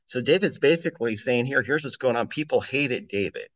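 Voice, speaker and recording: A man delivers an informal sermon, chatty and plain-spoken as he reads scripture and talks it through. His voice sits at an ordinary middle pitch. The recording is dry, with a slightly dull, muffled tone. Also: expressive, fairly quick, few pauses, no room sound. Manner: conversational, reads scripture aloud, chuckles between points. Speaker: preacher.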